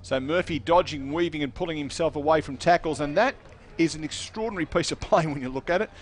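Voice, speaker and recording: A man calling a football match on local radio, chatty and jokey, sending greetings to listeners between quick calls of play. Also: fairly high pitch, a little hiss or hum. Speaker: play-by-play commentator. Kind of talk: radio sports commentary.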